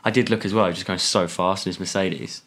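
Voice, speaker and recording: A young man chatting casually on a podcast, telling an animated story with laughter and acted-out voices. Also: sits low, fast. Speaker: podcast co-host. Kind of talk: casual chat.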